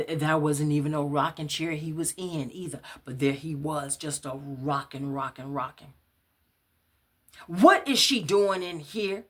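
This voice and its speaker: Soft-spoken woman reading her own story. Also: breathy edge. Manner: unhurried, conversational, soft and low at times, stops to find her place. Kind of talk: first-person storytelling in Southern Black vernacular.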